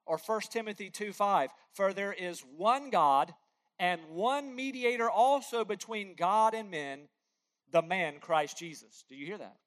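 High-voiced man preaching with fervor. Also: expressive, unhurried. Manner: pleading, swings between loud emphasis and hushed quiet. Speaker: pastor. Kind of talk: sermon.

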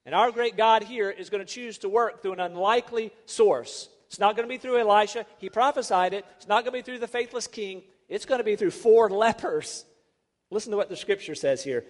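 A man preaching a sermon as a pastor, emphatic and full of rhetorical questions. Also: high voice. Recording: long reverb of a large hall.

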